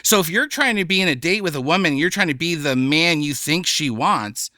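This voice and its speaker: Young comedian guy on a podcast, a bit high-pitched, chatty and animated. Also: brisk, no echo, studio quality. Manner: animated, chatty, slips into playful voices for examples. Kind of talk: casual podcast conversation.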